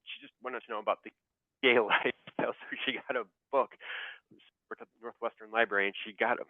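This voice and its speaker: A male clinical pharmacist telling his story as an interview guest, halting with many fillers and restarts, laughing through the funny parts. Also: medium pitch, steady tone, no echo. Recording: tinny phone-like dry line.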